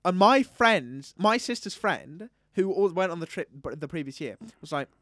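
A young man co-hosting a casual podcast chat, telling animated stories and breaking into loud comic impressions. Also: sits high, normal speed, no room sound, studio quality. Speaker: podcast co-host. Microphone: studio microphone.

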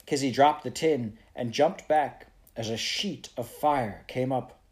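A man reading a children's novel aloud in a steady storytelling manner. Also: mid-range voice, measured pace. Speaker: audiobook reader.

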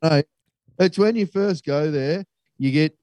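A man's voice: a little high, measured pace, a little mellow, no echo. A young Australian man telling a travel story in casual, sweary chat. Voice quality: sweary, laid-back storytelling.

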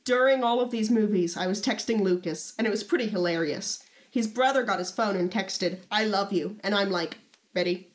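A woman's voice: medium pitch, fairly quick. A young woman co-hosting a casual chat, reading old diary entries aloud in a playful, teasing way.

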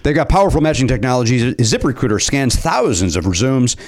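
A man's voice: mid-range voice, big pitch swings, fairly quick. A man hosting a comedy podcast, joking and teasing himself as he stumbles over words during banter and ad reads. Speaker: podcast host.

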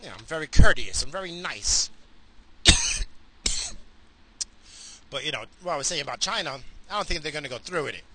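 A man's voice: on the high side, animated, moderate pace, pauses often, sharp tone. A man driving in his car, ranting in a crude, rambling way and swearing constantly into a phone. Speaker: vlogger. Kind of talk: profane rambling rant while driving.

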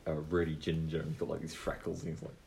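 A man's voice: very deep voice, monotone, very fast, gravelly, darkish tone, a little hiss or hum. A man narrating as game master in a tabletop game, his narration full of hesitant fillers.

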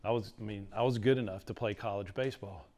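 A man's voice: fairly low pitch, steady tone, fast, a little mellow. A middle-aged man, teaching a class in a casual, rambling lecture full of stories. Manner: chatty, storytelling, uses "like" a lot.

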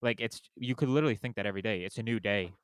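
A young man hosting a laid-back podcast who rambles through his points with lots of "like". His lowish voice is smooth and resonant. The sound is dry and close to the mic. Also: rapid-fire, no echo. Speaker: podcast host. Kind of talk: casual chat.

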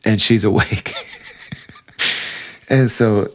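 A man's voice: lowish voice, steady tone, very slow. A middle-aged man telling a personal story in casual, heartfelt conversation, with many fillers. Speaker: podcast guest telling a story.

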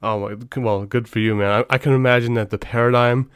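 A man's voice: mid-range voice, steady tone, fast, smooth, no room sound, studio quality. Brief: middle-aged male podcast host, casual and rambling, clean resonant voice. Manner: rambling, many restarts and asides.

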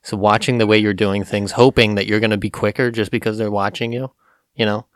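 A man's voice: lowish voice, flat delivery, a little fast, dry recording, clean studio sound. A man co-hosting a casual chat, chiming in with jokes and quips. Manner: joking, chimes in with quips. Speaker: podcast co-host.

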